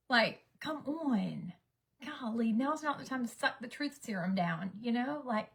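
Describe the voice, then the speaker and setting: Bright, chatty woman. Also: a little high, animated, measured pace, gravelly, slightly rough. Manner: chatty, rambling storyteller, dips to whispers for asides. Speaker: vlogger, mother. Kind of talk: casual get-ready-with-me chat.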